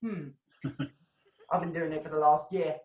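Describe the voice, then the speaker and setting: A woman's voice: low-pitched, steady tone, normal speed, a little mellow, roomy sound, dull audio, a little hiss or hum. A woman hosting a comedy show from home over a video call, ranting and swearing and laughing at her own jokes. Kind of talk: casual rambling stand-up hosting.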